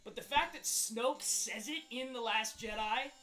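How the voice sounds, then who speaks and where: A man's voice: extremely high pitch, unhurried, sharp tone, faint music behind, full character voice, rough recording. A man playing an exaggerated angry version of himself in a comedic rant, exasperated and full of rhetorical questions. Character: hot-tempered young man, exaggerated angry self. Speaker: video creator.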